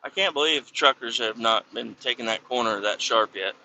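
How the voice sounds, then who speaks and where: A truck driver vlogs from his cab on a snowy road, telling a rambling story while swearing constantly in a casual, irritated way. His medium-pitched voice is pushed and bright at a normal pace. The recording is rough, with slight background noise.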